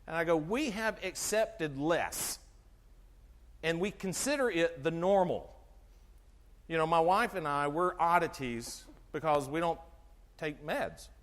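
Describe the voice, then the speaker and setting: A middle-aged man giving an animated health talk to an audience, asking them questions and acting out conversations. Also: fairly high pitch, measured pace. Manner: animated, asks the audience questions, acts out dialogue. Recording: long hall reverb from a live talk.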